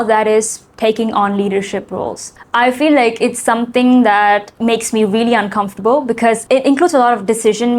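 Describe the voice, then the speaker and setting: A woman's voice: fairly high pitch, a little hiss or hum. A woman talking to camera in a casual, earnest self-help video, often saying "like" and "right?". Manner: chatty, earnest, frequent "like" and "right?".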